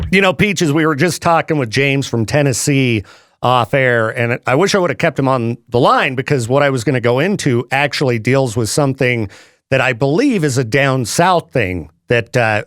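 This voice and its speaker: A man's voice: medium pitch, moderate pace, no echo, studio quality, faint music behind. A man hosting a radio show, chatting casually and laughing often. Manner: lively, animated, laughs often. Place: radio studio.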